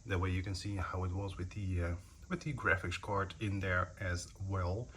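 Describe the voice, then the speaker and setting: A man's voice: low voice, steady tone, moderate pace, fairly bright tone, slight background noise. A man casually narrating his PC build while filming on a handheld phone, talking in a rambling, hesitant way with many fillers. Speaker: PC building vlogger. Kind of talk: casual self-filmed narration. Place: indoors at home, sitting on the floor.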